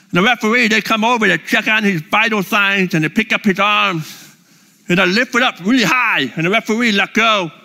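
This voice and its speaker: A middle-aged man telling lively, enthusiastic personal stories to a live audience. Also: high-pitched, gravelly. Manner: lively, enthusiastic, holds up props. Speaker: speaker addressing a live audience. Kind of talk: animated personal storytelling.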